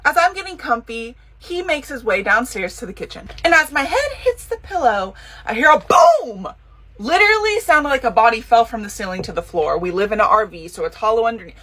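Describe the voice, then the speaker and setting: Bright, lively woman telling a story. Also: fairly high pitch, brisk. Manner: animated, expressive storyteller; chatty and dramatic. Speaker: nurse. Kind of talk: casual get-ready-with-me storytelling.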